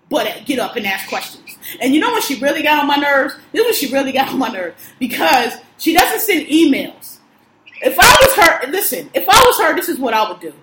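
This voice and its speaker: High-voiced woman ranting profanely. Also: fairly bright tone, a little hiss or hum. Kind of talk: casual chat, venting. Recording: echoey room.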